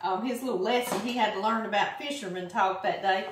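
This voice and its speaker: A woman's voice: medium pitch, brisk, very noisy. Middle-aged Louisiana woman cooking-show host, easygoing storyteller with a dry, sarcastic streak, recorded a few steps from the mic in an echoey kitchen. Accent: Southern US, Louisiana. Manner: chatty, sarcastic humor, animated storyteller. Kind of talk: casual storytelling while cooking. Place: home kitchen. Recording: roomy kitchen, mic at a distance. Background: chopping and kitchen clicks.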